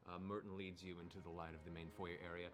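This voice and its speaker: Low-ish guy running a tabletop game, kinda halting, lots of uhs. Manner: relaxed, halting, many fillers. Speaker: game master.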